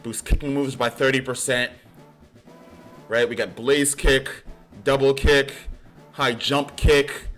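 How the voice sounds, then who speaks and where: A man talks through his game as he plays it, thinking out loud in a loose, rambling way. His pitch sits in an ordinary middle range, and now and then his voice jumps up with excitement. Faint music plays behind him. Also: slow, long pauses. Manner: musing, trails off, then bursts into loud excitement. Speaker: streamer. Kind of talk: casual game commentary.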